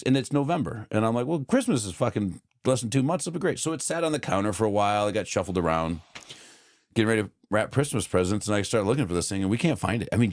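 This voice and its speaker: Lively low-voiced man in his thirties, co-host, swears while spinning an animated story, dry close mic. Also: no room sound. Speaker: podcast co-host. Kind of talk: casual chat.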